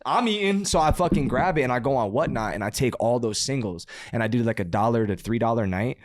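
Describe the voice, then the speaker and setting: A man telling a story as a podcast guest, in a casual, animated way, swearing and laughing as he talks. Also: mid-range voice, fast talker. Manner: animated, profane, laughs mid-sentence.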